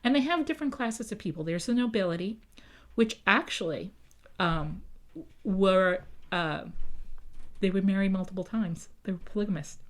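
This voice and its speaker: A woman's voice: mid-range voice, normal speed. Chatty woman historian telling history with flair. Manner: lively, acts out quoted voices, often adds "right?". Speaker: town historian. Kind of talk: casual storytelling in a podcast interview.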